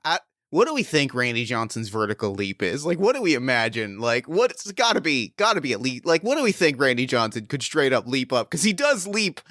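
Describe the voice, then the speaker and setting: Man, game master, bright tense voice, dry close recording, laughs a lot, excitable. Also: mid-range voice, brisk, hardly any pauses, dry recording. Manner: laughs often, excitable, animated. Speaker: game master and podcast host. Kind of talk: casual tabletop role-play.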